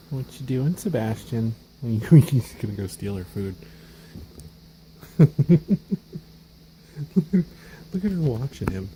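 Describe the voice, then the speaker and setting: A man at home cooing to his cats in soft baby talk, his voice mellow and dark yet swinging widely up and down in pitch. He talks slowly and chuckles often, filming on a handheld camera with a faint hum of background noise. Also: animated, low-quality recording. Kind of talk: casual talk to pets. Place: home indoors, hallway and living room.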